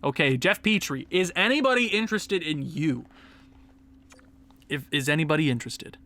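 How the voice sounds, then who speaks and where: Brief: young male let's-play commentator, high and very lively voice, excitable, yells at the game. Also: moderate pace. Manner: excitable, yells and laughs at the screen. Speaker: gaming YouTuber.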